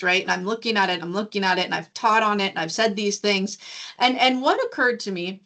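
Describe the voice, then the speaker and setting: A woman loan originator and guest coach telling a work story in a casual, animated way, acting out the voices in the conversation. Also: medium pitch, quick pace. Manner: animated, acts out dialogue in a lively voice.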